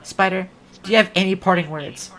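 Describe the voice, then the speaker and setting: A woman's voice: medium pitch, brisk, a bit bright. A woman hosting a livestream, chatting casually and rambling with many "like" fillers. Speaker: livestream host. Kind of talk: casual stream chat.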